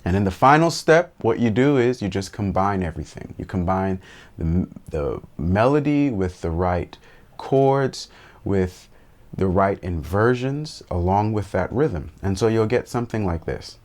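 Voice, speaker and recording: A man's voice: sits low, lively intonation, unhurried, darkish tone. A man teaching a piano lesson for worship musicians, explaining steps and counting beats aloud as he plays, talking straight to viewers in a friendly way. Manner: friendly direct address to viewers. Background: piano playing.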